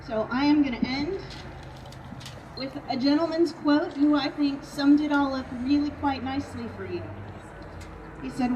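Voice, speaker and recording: A woman's voice: high-pitched, normal speed, slight background noise. A middle-aged woman giving a heartfelt tribute speech at a ceremony, quoting students' words back to them. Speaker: band parent speaking at a senior tribute. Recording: distant voice with loud outdoor ambience.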